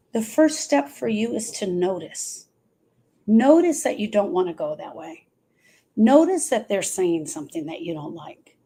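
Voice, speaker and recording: A woman's voice: mid-range voice, a little mellow, husky. A woman talking earnestly as a grief coach on a live stream, repeating phrases for emphasis.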